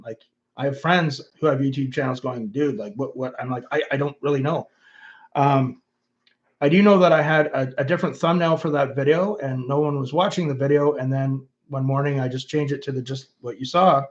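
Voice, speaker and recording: With the highs cut off, the audio carries a slightly high male voice: a middle-aged Canadian hosting his own casual livestream. He reads viewers' comments aloud in a musing, rambling manner, filling gaps with fillers.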